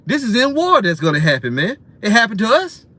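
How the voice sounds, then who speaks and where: A man preaching a heated, profane, ranting sermon, repeating himself and tagging lines with "man", swinging between loud and quiet and fast and slow. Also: high voice, huge pitch swings, no room sound. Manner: profane, repetitive, swings in loudness and speed.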